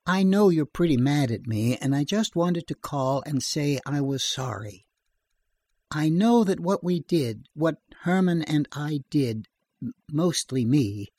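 A remorseful young woman with a small, trembling voice, as a man puts her on. She speaks slowly and haltingly. The sound is dry and close. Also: fairly high pitch, darkish tone, husky, no echo, full character voice.

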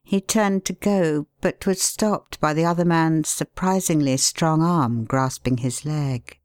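A woman narrating a fantasy story in a calm, measured voice. Her voice is low and her pace unhurried. The sound is dry and close, with no room echo. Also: clean tone.

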